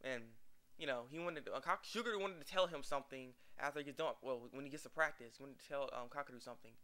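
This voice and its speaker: Fast-talking bright young man rambling. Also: medium pitch. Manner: rambling, acts out characters' lines with laughs. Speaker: anime reviewer. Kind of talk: casual episode recap.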